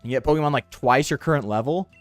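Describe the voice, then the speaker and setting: A young gaming streamer with a mid-range voice talks fast over faint background music, with no room sound. His let's-play commentary is casual, sarcastic rambling with his chat in slangy, offhand language.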